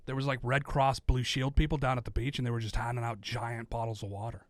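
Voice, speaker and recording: A man's voice: mid-range voice, level tone, quick pace, no echo. A young Southern Californian man co-hosting a comedy podcast, telling tall tales in a laid-back, matter-of-fact way. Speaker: podcast co-host. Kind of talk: improvised comedy banter.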